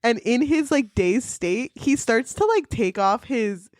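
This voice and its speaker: A woman co-hosting a book podcast, excited and swearing casually as she talks through a story, laughing often. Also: fairly high pitch, unhurried, no echo, studio quality. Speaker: podcast co-host.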